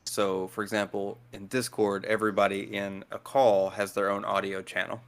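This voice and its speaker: A man's voice: on the low side, flat delivery, moderate pace. A man speaking as a guest in a casual chat, blunt, direct and dry in manner.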